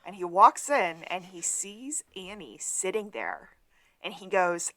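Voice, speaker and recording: A woman's voice: on the low side, very animated, slow, fairly bright tone, no echo. A woman co-hosting a podcast, summarizing a TV episode's plot in casual chat with easy fillers. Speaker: podcast co-host.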